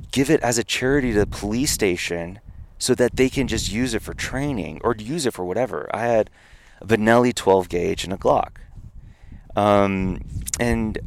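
A man, a podcast guest, casually telling a long, animated story and laughing at his own misadventure. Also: on the low side. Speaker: podcast guest, company founder.

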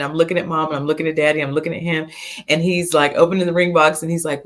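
A woman in her fifties, appearing as a podcast guest, tells a personal story in a heartfelt, animated way and laughs now and then. Her voice sits low, and she talks a little fast.

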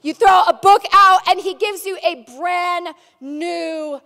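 A woman pastor preaching from a large church stage with a high voice. She moves between earnest prayer and playful, chatty teaching. A long reverb hangs behind her words. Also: slow. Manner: soft and earnest in prayer, lively and joking in teaching. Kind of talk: sermon.

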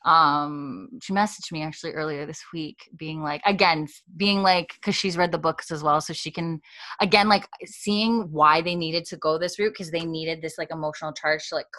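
Low-voiced woman retelling a show, chatty. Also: fairly quick. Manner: animated retelling, acting out dialogue with lots of "like" and "um". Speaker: podcast co-host recapping a TV episode. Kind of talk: casual chat.

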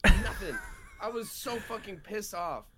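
A man's voice: sits high, lively intonation, a little slow, a bit bright. A man in his thirties, a podcast co-host, telling a story in casual chat and acting out both sides of an argument. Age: 30s.

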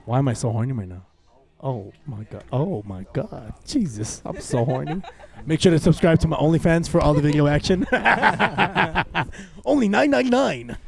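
A man's voice: on the high side, expressive, unhurried, creaky. A man hosting a rowdy podcast, joking crudely and laughing often. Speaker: podcast host. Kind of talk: rowdy casual podcast chat.

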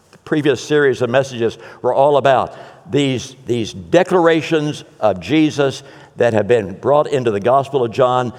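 Slow emphatic preacher man, lively pitch. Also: long reverb tail. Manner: emphatic, dramatic repetition and pauses. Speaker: pastor. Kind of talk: sermon.

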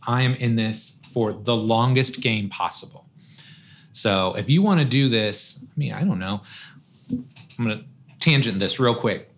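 A man, a guest on a podcast, talking in a casual, conversational way and often tossing in "man" and "right?". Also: on the low side. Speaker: guest, strength coach.

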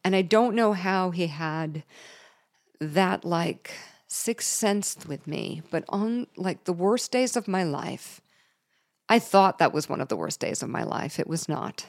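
A woman's voice: on the low side, animated, a little slow. A middle-aged woman telling a personal story in a candid, emotional way, with laughs and chatty fillers.

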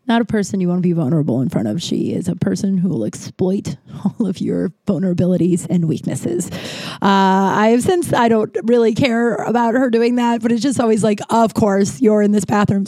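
A woman's voice: medium pitch, dark tone, no echo. A woman in her thirties hosting a podcast, telling a rambling, profane story in a casual chat. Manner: chatty, profane, rambling with many restarts. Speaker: podcast host.

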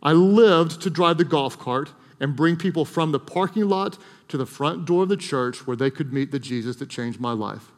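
A middle-aged man preaching a sermon in a large church, earnest, swelling to loud emphatic peaks and dropping to soft, hushed lines. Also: on the high side, expressive, moderate pace. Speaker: pastor. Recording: long hall reverb.

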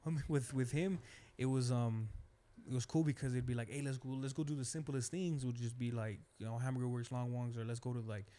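A man's voice: medium pitch, steady tone, brisk, dark tone. A young man, telling stories in a laid-back, slangy way and acting out his friends' voices. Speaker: podcast host. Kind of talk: casual chat, storytelling.

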